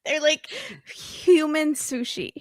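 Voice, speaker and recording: A woman chatting as a podcast guest, making slow, wry asides. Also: high voice, steady tone, dry recording, clean studio sound. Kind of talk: casual chat.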